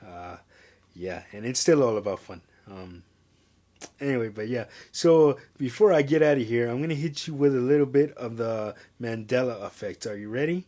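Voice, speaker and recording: A man with a mellow, dark-toned voice at an average pitch hosts his own retro game review show. He talks loosely and off the cuff, circling back on himself with fillers and restarts as he goes. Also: normal speed. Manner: rambling, with frequent fillers and restarts. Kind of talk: casual video review monologue.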